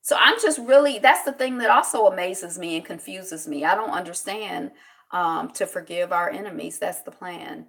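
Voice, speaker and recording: A woman's voice: lowish voice, moderate pace, gravelly, a bit bright. A woman hosting a casual solo commentary show, talking in a rambling, reflective way with many fillers and greeting viewers by name. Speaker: show host.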